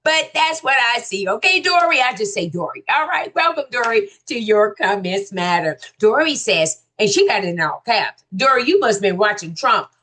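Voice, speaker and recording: A woman hosts a casual commentary show. Her voice sits fairly high and swings up and down. She reads out viewer comments and answers them in a folksy, teasing way. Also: moderate pace, few pauses. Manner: animated, folksy, exclaims "ooh" and teases commenters. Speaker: host reading viewer comments.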